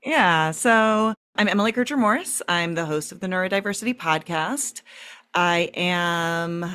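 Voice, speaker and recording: A woman's voice: lowish voice, measured pace, pushed and bright, smooth. A woman in her forties from the St. Louis area, a counselor talking as a podcast guest, chatty, laughing easily and thinking aloud. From St. Louis area, USA. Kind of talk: casual podcast interview.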